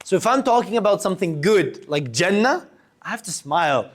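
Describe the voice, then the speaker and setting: A young man with a fairly high voice leads a speaking workshop in front of a live group. He is animated, swinging between loud and soft and stretching out his pauses to make a point. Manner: animated, varies loudness and pace for demonstration. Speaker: workshop instructor. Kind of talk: public speaking lesson to a student group. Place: room with a live audience.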